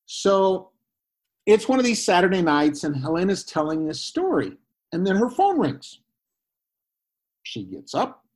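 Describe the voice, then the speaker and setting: A man, a former missionary, telling a personal story in a guest interview, animated and full of restarts and quoted voices. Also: high voice, a little slow, long pauses. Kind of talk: conversational storytelling.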